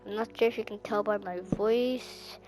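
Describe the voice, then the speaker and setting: A woman with an Irish accent giving rambling, chatty gameplay commentary that bursts into excited squeals. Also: medium pitch, normal speed, over music. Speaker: gaming channel host.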